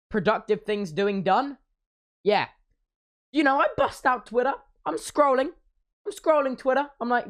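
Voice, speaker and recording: A man's voice: very high-pitched, normal speed, fairly bright tone. A young man streaming, telling a playful, exaggerated story and slipping into silly voices.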